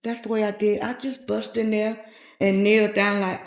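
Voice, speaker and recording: A woman's voice: mid-range voice, flat delivery, moderate pace, vocal fry. A middle-aged woman earnestly telling a heartfelt personal story as a podcast guest. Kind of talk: personal testimony in a podcast interview. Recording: echoey room.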